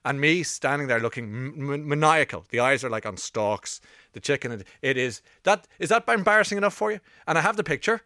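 Forceful, chatty middle-aged male radio host. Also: on the high side, animated, dry recording, clean studio sound. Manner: chatty, rambling storytelling with quick asides. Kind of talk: casual radio chat. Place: radio studio. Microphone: broadcast studio mic.

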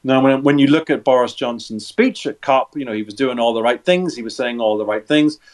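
A man's voice: medium pitch, a little fast. A middle-aged man, a body language expert, answering interview questions in an instructive way, walking the listener through hand gestures step by step and repeating words as he restarts sentences.

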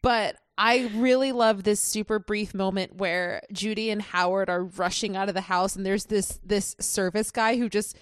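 A woman co-hosting a podcast, chatting about a movie in a relaxed, slangy way. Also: medium pitch, normal speed, hardly any pauses, clear, resonant tone, no echo, clean studio sound. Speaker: podcast co-host. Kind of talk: casual film discussion.

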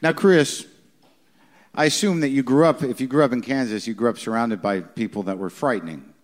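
A man hosting a live podcast taping, jumping in with quick questions. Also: medium pitch, slight background noise. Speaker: podcast host. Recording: live crowd in the room.

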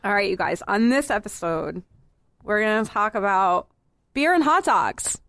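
A woman's voice: medium pitch, animated, a bit bright, dry recording. A woman from the area, hosting a casual podcast and pleading with her co-host in exasperation. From Boston area, Massachusetts. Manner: exasperated, pleading, fast asides.

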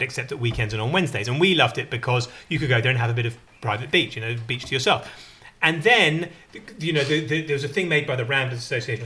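A man's voice: medium pitch, bright, forceful tone. A man chatting casually as a podcast co-host, rambling, self-mocking and jokey. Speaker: newspaper columnist and podcast co-host. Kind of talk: casual comic chat.

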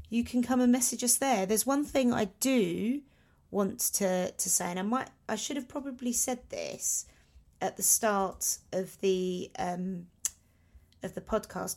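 A woman's voice: mid-range voice, a little mellow. A woman co-hosting a podcast in casual chat, rambling and self-mocking. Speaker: podcast co-host.

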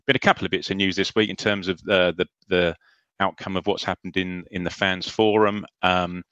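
A man hosting a casual football chat show, greeting listeners and talking in halting restarts. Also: low voice, level tone, a bit bright, no room sound, lo-fi sound. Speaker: podcast host.

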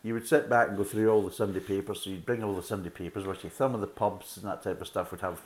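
A middle-aged man reviews beer for his podcast, speaking fast in a low, steady tone. He keeps it casual and rambling, sprinkling in chatty digressions.

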